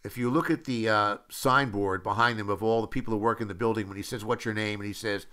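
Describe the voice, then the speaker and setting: An older man in his seventies with a low, bright, forward voice tells behind-the-scenes stories as a screenwriter. He talks the way he remembers things, with plenty of "uh"s and acted-out quotes from the people in his stories. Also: fairly even intonation, quick pace, clean tone. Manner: anecdotal storytelling, with many fillers and acted-out quotes. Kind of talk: film audio commentary.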